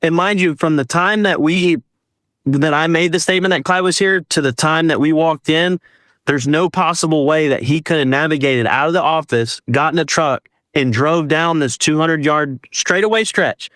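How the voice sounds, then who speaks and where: A man's voice: a little high, moderate pace, dry recording, studio quality. A man telling a personal story as a guest, casually, acting out what people said. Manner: animated, acts out dialogue with quoted voices.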